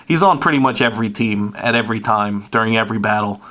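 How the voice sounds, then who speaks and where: A man's voice: fairly low pitch, fast, bright, forceful tone. A man giving a casual, rambling tour of his collection at home, joking often and filling gaps with "uh" and "we got.". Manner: rambling and jokey, lots of "uh" and "we got". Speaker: vlogger showing his toy collection.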